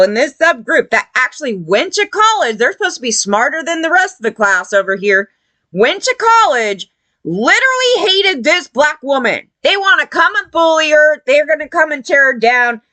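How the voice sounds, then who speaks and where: A woman commentator delivering a heated, profane opinion rant, scornful in tone and quick to mock others in put-on voices. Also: high-pitched, very animated, sharp tone, dry recording. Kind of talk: ranting opinion video.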